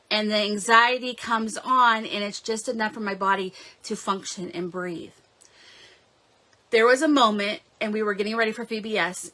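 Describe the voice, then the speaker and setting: A woman's voice: mid-range voice, bright, forceful tone. A woman in her forties, hosting a live-stream devotional and telling a personal story in an earnest, heartfelt way, recorded at home. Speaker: devotional host.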